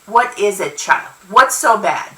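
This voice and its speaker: A woman voicing a gruff, blunt older woman who hollers, in a storybook reading. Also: mid-range voice, lively intonation, a little slow, bright, forceful tone, voice pushed down. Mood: bland. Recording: roomy, from far off.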